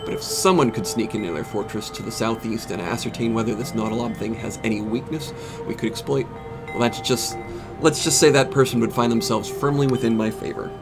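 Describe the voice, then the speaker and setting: A man's voice: medium pitch, fairly even intonation, fairly quick, natural voice. A man reading the lines of a flustered, genteel woman mayor who talks in a prim, evasive way, over game music.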